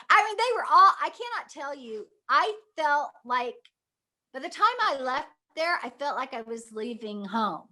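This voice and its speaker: Actress, older, animated raconteur, high bright voice. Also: female voice, a little slow. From Mississippi. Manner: animated storyteller, laughs often. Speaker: guest actress. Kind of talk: casual interview recollection.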